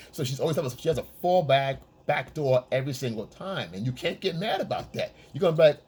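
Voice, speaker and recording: A man's voice: mid-range voice, lively intonation, brisk, hardly any pauses, darkish tone, slightly rough. A man giving blunt, profane dating advice in a casual monologue, often checking in with the listener. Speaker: men's dating coach.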